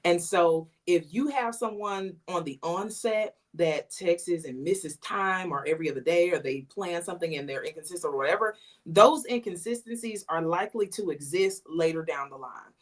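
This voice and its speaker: A woman, a guest on an interview, telling a personal story in a casual, animated way and acting out the lines she quotes. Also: lowish voice, moderate pace.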